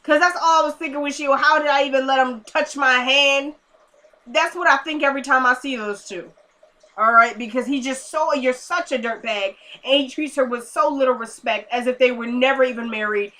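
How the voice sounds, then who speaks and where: A woman recapping a TV episode in a chatty, excitable and slangy way. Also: sits high, moderate pace. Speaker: TV episode reviewer. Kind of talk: casual recap commentary.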